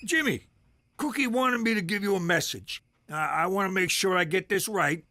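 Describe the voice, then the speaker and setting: Uncle Cheech, a crude mobster uncle. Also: male voice, sits high, moderate pace, sharp tone, no echo, studio quality. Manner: crude, lecturing. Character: crude, much-divorced old mobster uncle. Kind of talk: animated series voice acting.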